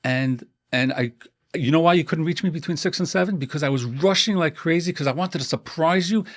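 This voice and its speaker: A man's voice: fairly high pitch, animated, normal speed, vocal fry, slightly rough, dry recording, clean studio sound, voice pushed up, full character voice. A man playing an exasperated husband who is indignant at how he is greeted at home. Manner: indignant, rising insistence.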